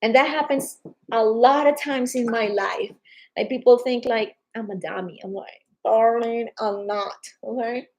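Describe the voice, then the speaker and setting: Woman, non-native English accent, higher voice, emphatic casual live-stream host. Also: normal speed, rough recording. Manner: animated, emphatic, calls viewers darling. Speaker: social media host.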